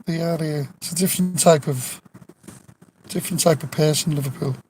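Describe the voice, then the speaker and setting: A man telling stories in a relaxed live stream, swearing freely and restarting his sentences, recorded on a phone outdoors. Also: fairly high pitch, brisk, low-quality recording. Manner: rambling storyteller, swears freely, many restarts. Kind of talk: casual live-stream chat. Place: outdoors near an old tree.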